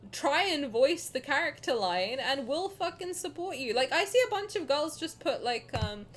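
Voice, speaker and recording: A woman streaming and chatting casually with her chat, animated and swearing freely, dropping to low mutters and then rising to loud outbursts. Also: a little hiss or hum. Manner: reads chat questions aloud and answers them.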